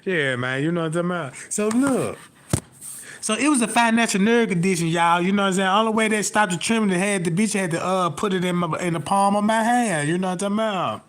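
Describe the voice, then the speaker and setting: A man with a high, bright, sharp voice rants in a loose comic monologue. He swears freely, drifts from one topic to the next, and keeps asking whether listeners follow him. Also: fast talker. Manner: profane, repeats "you know what I'm talking about". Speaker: live streamer.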